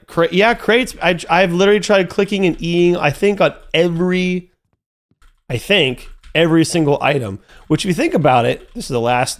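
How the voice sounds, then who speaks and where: A young man commentating his own gameplay live, talking to his chat and growing frustrated, with sudden high yelps. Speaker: streamer playing a horror game.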